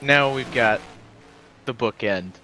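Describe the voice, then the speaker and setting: A man's voice: medium pitch, slow, sharp tone, soft background music, poor audio. A man co-commentating a live sim race from the booth, folksy and upbeat.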